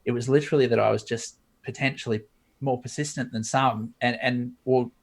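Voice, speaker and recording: Man telling a lively story. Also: medium pitch, fairly quick. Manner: lively storyteller who acts out dialogue. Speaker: guest, 3D modeler. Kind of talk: storytelling interview.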